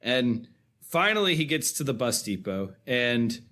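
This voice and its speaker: A man co-hosts a film podcast in a relaxed, chatty way, walking through favorite scenes and chuckling as he goes. His voice sits in an ordinary middle pitch. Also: a little slow, slight background noise. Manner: conversational, chuckles while recounting scenes. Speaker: podcast co-host. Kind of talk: casual film discussion.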